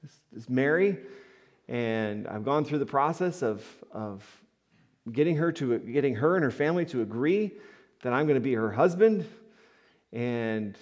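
A man's voice: medium pitch, lively intonation, measured pace, darkish tone, natural voice. A man voicing a young groom who talks about his plans in a plain, everyday tone. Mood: confident.

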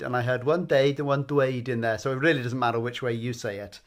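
A man's voice: mid-range voice, fairly even intonation, fast, hardly any pauses. A man hosting a casual language lesson, upbeat and encouraging, with frequent ums. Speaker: language teacher and host.

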